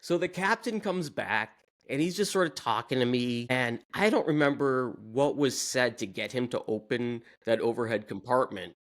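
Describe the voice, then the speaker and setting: A man hosting a podcast, telling a travel story in casual chat, lively and laughing as he goes. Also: mid-range voice, moderate pace, few pauses. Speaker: podcast host.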